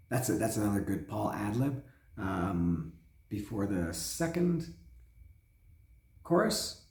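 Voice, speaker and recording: Hoarse rambling man, echoey room. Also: mid-range voice. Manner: rambling, restarts, hums along with the songs. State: hoarse, voice cracking. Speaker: host. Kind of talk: casual spoken album review.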